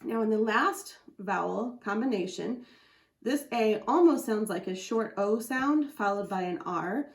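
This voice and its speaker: Female teacher, patient and clear, sounds out each letter; recorded in an echoey room. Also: medium pitch, animated, unhurried. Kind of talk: phonics lesson explaining a chart.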